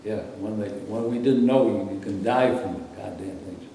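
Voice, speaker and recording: Sitting far from the mic in a heavily echoey room, with a faint hum below, an older Brooklyn man recalls his working years as a radio announcer. His interview stories ramble along, anecdotal and chatty, in a relaxed, mellow voice with fairly low pitch at a moderate pace.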